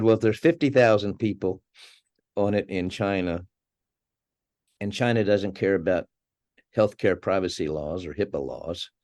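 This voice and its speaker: A man's voice: deep voice, a little mellow, no echo, studio quality. A man being interviewed as a podcast guest, telling anecdotes in a conversational way, chuckling now and then and restarting his words.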